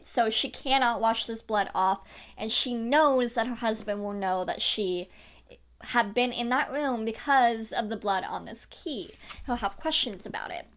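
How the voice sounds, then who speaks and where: Young woman book vlogger, chatty, excitable, higher-pitched. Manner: animated, chatty, lots of fillers and laughs. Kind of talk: casual book review chat.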